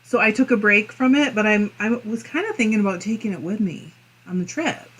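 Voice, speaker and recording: A woman's voice: mid-range voice, lively intonation, fairly quick, slightly rough. A woman hosting a casual crafting livestream, reading viewer comments aloud and giggling often between them. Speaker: fiber arts channel host.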